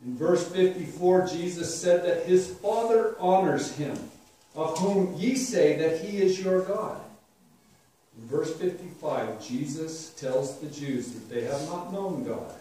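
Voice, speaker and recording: A man preaches in a slow, measured way, laying out scripture with weighty emphasis. His voice is dark and mellow, a little raised in pitch. It carries from a distance through a strongly echoing church, with faint ambience behind. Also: a little hiss or hum. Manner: slow, deliberate scripture exposition with emphatic declarations. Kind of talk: sermon. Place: church sanctuary. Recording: echoey hall, distant mic, faint ambience.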